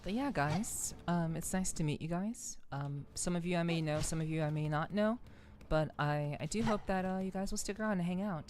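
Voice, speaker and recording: A woman streamer chatting casually while she plays a game, congested and stuffy-nosed, greeting viewers warmly with lots of fillers and doubled words. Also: lowish voice, moderate pace, a little hiss or hum. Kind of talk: casual live-stream chat while gaming.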